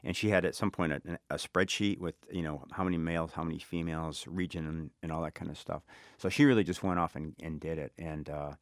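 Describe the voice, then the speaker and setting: A middle-aged man from Chicago with a South Side accent, a guest author talking thoughtfully in an interview, often pausing and restarting. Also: very deep voice, steady tone, no echo, studio quality. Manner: thoughtful, halting, many restarts. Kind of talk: reflective interview talk.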